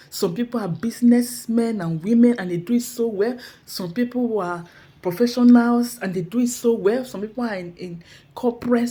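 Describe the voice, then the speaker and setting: Nigerian woman giving a motivational talk. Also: medium pitch. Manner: animated storytelling, acts out her colleagues loudly. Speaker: inspirational speaker. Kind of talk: motivational talk with personal story.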